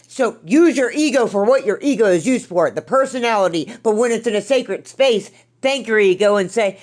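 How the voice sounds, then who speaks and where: Her medium-pitched voice moves at an ordinary pace as this podcast host speaks earnestly about spiritual self-help. She draws on her own recovery, and she's frank and direct, with the occasional curse.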